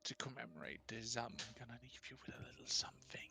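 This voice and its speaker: A man voicing a menacing clawed monster in a hushed, threatening whisper, as whispered role-play in a tabletop game. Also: medium pitch, huge pitch swings, fast talker, gravelly, heavily acted.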